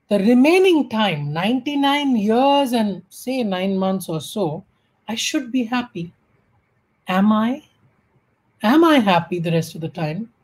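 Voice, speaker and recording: A woman's voice: a little high, low-quality recording. A woman with an Indian English accent giving a humorous storytelling talk at an online spiritual gathering. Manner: warm, humorous storytelling with acted quotes.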